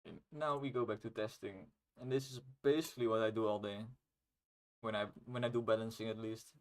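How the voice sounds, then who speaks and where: A man's voice: lowish voice, steady tone, fairly quick. A young man, not a native English speaker, rambling casually and swearing now and then while he playtests his own game on stream. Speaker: indie game developer streaming.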